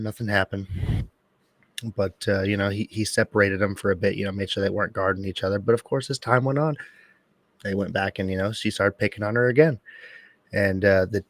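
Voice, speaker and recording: A man tells a story in a fired-up, profane, blunt way. His voice sits a little low and the recording is dry and close, with no room sound. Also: no room sound. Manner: blunt, profane, animated retelling. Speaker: podcast co-host and father. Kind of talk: casual chat, storytelling.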